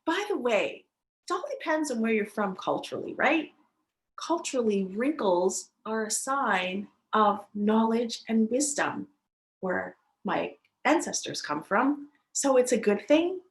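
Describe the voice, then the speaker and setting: A woman teaching a chair yoga class, giving gentle, cheerful instructions and laughing often. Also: on the high side, expressive, measured pace. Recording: echoey room.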